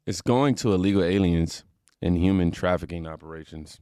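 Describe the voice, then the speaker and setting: A man's voice: deep voice, brisk, dark tone, clean tone, no echo, clean studio sound. A man hosting a reaction channel, chatting in a rambling, casual way straight to his viewers. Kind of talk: casual commentary.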